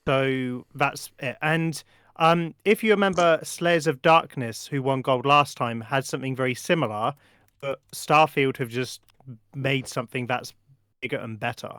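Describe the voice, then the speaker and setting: A man's voice: medium pitch, unhurried, dry recording, clean studio sound. A man hosting a live stream tour, chatting casually, laughing often and filling with "um" and "yeah". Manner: relaxed, laughs often, many fillers. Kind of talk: casual chat.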